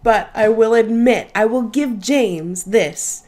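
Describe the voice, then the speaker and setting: A woman's voice: a little high, slow pace, a little mellow. A young woman hosting a reaction channel, gushing about a show in casual commentary, swearing freely and laughing often.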